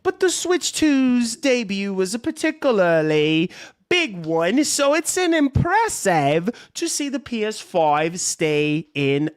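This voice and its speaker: A man's voice: sits high, very animated, slow, full character voice. A man putting on an exaggerated, poor British accent while reading gaming news in a hammy, mock-serious way. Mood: mock-outraged. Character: adult man mocking a British newsreader.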